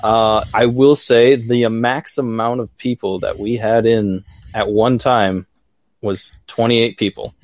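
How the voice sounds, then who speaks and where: A man's voice: fairly low pitch, steady tone, slow pace, darkish tone, dry recording. A man hosting a podcast, chatting in a rambling, upbeat way with lots of "like"s. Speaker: podcast host. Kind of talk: casual chat.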